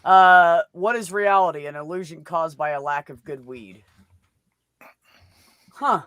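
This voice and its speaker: A man's voice: on the high side, unhurried, a bit bright, clean tone, no echo. Profane rambling man telling jokes. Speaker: open mic host. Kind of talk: casual joke telling.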